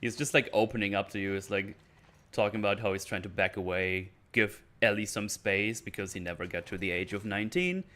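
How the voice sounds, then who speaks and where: Reviewing a TV episode for YouTube, a man with a lowish voice speaks a little fast in a loose, rambling rant. He stumbles and restarts a lot, and he quotes scenes with lively energy.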